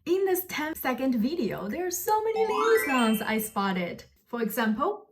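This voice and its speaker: A woman's voice: high voice, sing-song, measured pace, few pauses, faint music behind. A woman giving a casual video lesson on spoken English, friendly and demonstrative, laughing at herself now and then. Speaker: English teacher.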